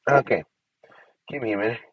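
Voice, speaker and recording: A man's voice: medium pitch, fairly quick, slightly rough, dry recording. Man, casual gameplay chatter, dull lo-fi mic, dry sound. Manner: chatty, talking to himself while building. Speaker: gameplay streamer.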